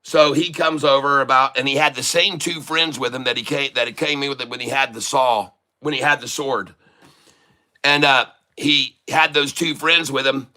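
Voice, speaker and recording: Bright-voiced man telling rambling stories. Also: mid-range voice, fairly even intonation, normal speed. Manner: rambling, chatty anecdote telling with many restarts. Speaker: livestream day trader and channel host. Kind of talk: casual livestream storytelling.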